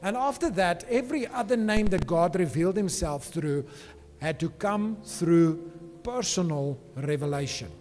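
High-voiced pastor preaching. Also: male voice, a little slow, darkish tone. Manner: emphatic preaching, often checking in with "okay?". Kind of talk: sermon. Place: church. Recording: reverberant church hall with faint music.

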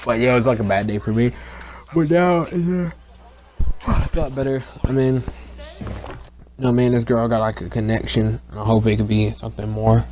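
A young man recording a casual voiceover for his gaming channel. He rambles, swears constantly, restarts his sentences and gets excitable. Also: medium pitch, moderate pace, pauses often.

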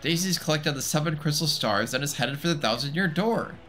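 A man's voice: fairly high pitch, expressive, fairly quick, a bit bright, faint music behind. A man voicing a small winged mushroom soldier in a video game, reporting stiffly and dutifully.

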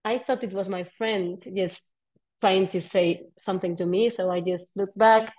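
A woman underwater photographer telling dive stories in a lively, casual talk, laughing often. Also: medium pitch, normal speed, rough recording. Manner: animated, laughs often, playful quoted voices. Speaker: underwater photographer giving a presentation.

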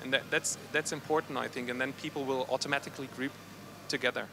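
A man's voice: medium pitch, steady tone, quick pace, creaky, pushed and bright, a little hiss or hum. A man casually reporting his group's findings at a conference session, hesitant and full of fillers and restarts. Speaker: workshop participant reporting back.

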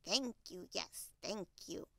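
A woman voicing a polite female duck in a storybook, with a bright, courteous manner. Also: mid-range voice, slow, creaky, no echo, exaggerated voice.

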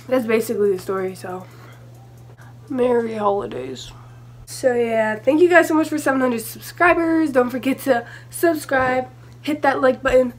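A teenage girl telling a storytime vlog in a chatty, rambling way, full of asides and fillers. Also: a little high. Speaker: vlogger.

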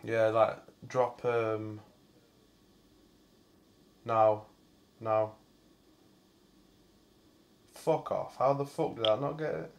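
A man's voice: lowish voice, extremely slow, pauses often, slight background noise. Sweary man grumbling through a game. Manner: sweary, exasperated banter. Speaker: gaming channel host. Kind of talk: casual gameplay chat.

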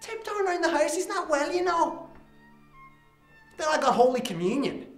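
A man's voice: extremely high pitch, very animated, moderate pace, soft background music. An actor playing a troubled adult son who confronts his father in a raw, profane dramatic monologue. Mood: anguished. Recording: roomy echo.

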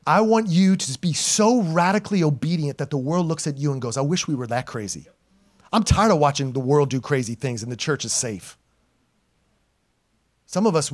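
A pastor in his forties preaching a sermon to his congregation, emphatic and animated, swinging from loud calls to hushed storytelling and laughing at himself. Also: a little high. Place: church sanctuary.

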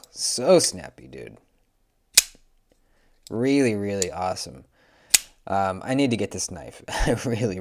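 A young man casually reviewing pocket knives, relaxed and chatty, with lots of fillers. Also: lowish voice, background noise. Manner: laid-back, lots of "um" and "man". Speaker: knife reviewer.

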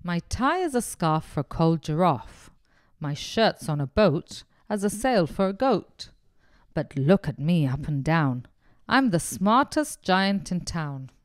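A woman's voice: fairly low pitch, big pitch swings, normal speed, dry recording, studio quality. A woman voicing a kind, proud giant in a storybook reading, cheerful and sing-song.

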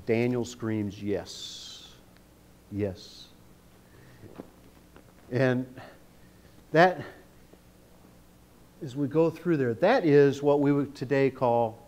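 A man delivering a sermon in a church, mid-pitched and conversational. He reads scripture aloud, then breaks off to joke and check in with the congregation. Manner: conversational, jokey, often checks in with "okay?". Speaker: guest preacher. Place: church sanctuary.

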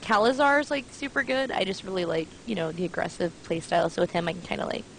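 A woman's voice: lowish voice, lively intonation, fast talker, vocal fry, a little hiss or hum, poor audio. A woman interviewing game developers in a casual chat, giggling often and filling with likes and ums. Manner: giggly, chatty, many fillers.

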